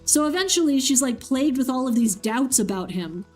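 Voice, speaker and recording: Woman, streamer, casual storytelling, animated, swears freely, high pitch. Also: a little fast, faint music behind.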